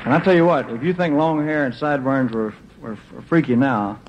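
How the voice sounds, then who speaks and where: A man's voice: mid-range voice, fairly quick, noisy background. A man talking onstage to a concert audience, telling stories in a loose, joking way with lots of fillers and restarts. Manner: laid-back and joking, with many fillers and restarts. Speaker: stage performer addressing a concert audience. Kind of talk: rambling onstage storytelling. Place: concert stage. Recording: muffled old live concert recording.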